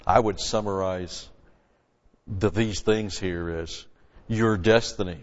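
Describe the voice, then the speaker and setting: A man preaching an expository sermon from a Bible passage, emphatic, with loud stressed words and quiet asides. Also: sits low, fairly even intonation, slow pace. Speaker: pastor. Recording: lo-fi recording with long hall reverb.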